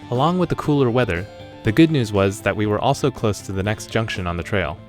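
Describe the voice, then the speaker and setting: A man narrating a hiking trip in a calm, measured scripted voice-over. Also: fairly low pitch, faint music behind. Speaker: narrator and hiker.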